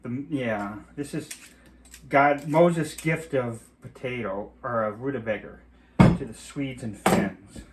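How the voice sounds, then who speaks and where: Middle-aged man, home cooking host, casual and rambling with mild swearing, mid-pitched voice, kitchen chopping audible. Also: slow pace. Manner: chatty, rambling asides, mild cursing. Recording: clear chopping noise behind voice. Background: knife chopping and clicks.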